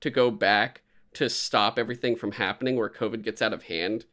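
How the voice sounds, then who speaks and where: A man's voice: fairly low pitch, fairly quick. A man in casual podcast chat, rambling and swearing as he animatedly retells a story. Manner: rambling, profane, animated retelling with put-on voices.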